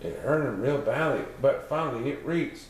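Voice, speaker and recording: A man's voice: medium pitch, moderate pace, a little hiss or hum. A man reading a rhyming storybook aloud in a sing-song way. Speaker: storybook reader. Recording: very echoey room.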